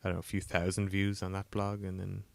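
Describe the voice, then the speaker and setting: Croaky low-voiced man livestreaming code. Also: monotone, quick pace, dry recording. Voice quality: gravelly, lower than usual. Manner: rambling, self-deprecating, many fillers. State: croaky, getting a cold, yawning. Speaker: indie game developer streaming his work. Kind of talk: casual livestream commentary while coding. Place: home room, cold.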